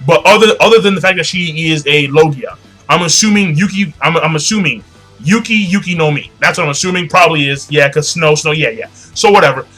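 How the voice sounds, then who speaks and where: Bright-voiced young man, slangy rambling recap. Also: on the high side, brisk, faint music behind. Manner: profane, slangy and rambling, with frequent fillers. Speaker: manga chapter reviewer. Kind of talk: casual recap monologue.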